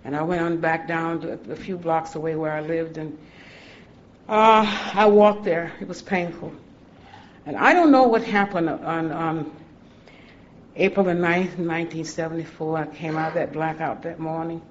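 Woman telling her story, halting and heartfelt. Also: deep voice. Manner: halting, heartfelt storytelling with restarts and soft laughs. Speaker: speaker sharing her recovery story. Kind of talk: personal testimony talk. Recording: dull lo-fi recording with faint hiss.

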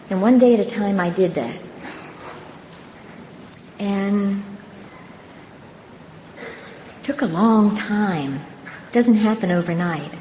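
An older woman giving her personal testimony at a recovery meeting, telling her story earnestly and unhurriedly with pauses and soft laughs. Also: medium pitch. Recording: dull, roomy hall recording with faint background noise.

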